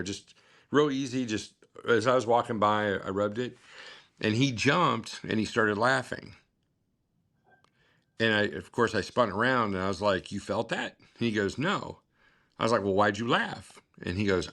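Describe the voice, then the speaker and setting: A man's voice: on the low side, gravelly, a bit bright. A middle-aged man from the United States, a father telling a long story in an interview, rambling with many fillers and acting out past dialogue. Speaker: guest, father and scuba therapy founder.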